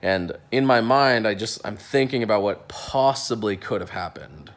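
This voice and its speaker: A young man with a fairly low voice tells a workplace story in a loose, animated way. He jumps into other people's voices and stumbles through restarts and fillers as he goes. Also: normal speed. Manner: animated, acts out quotes, many restarts and fillers. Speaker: dentist. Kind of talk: casual storytelling.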